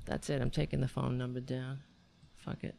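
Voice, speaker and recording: A woman's voice: extremely low pitch, flat delivery, normal speed, gravelly, warm tone, a little hiss or hum. A woman hosting a casual livestream chat, rambling, swearing and putting herself down. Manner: self-deprecating, rambling, swears a lot. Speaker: livestream host.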